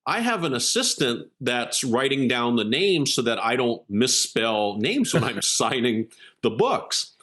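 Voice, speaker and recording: A man's voice: mid-range voice, a little slow, hardly any pauses. Earnest man telling a story. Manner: earnest, animated storyteller who acts out quotes. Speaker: keynote speaker and executive coach. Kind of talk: storytelling interview guest.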